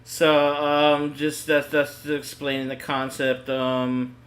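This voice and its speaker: A man's voice: fairly high pitch, monotone, takes it slowly, fairly bright tone, rough recording. A young man co-hosting a gaming stream, chatting in a rambling, hesitant way with lots of laughter. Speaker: gaming YouTuber co-host. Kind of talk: casual chat over a game stream.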